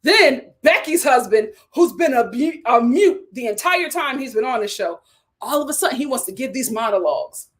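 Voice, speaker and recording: Woman, reality TV recap host, high voice, swooping animated delivery, casual storytelling. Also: moderate pace. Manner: animated storytelling with acted quotes and laughter.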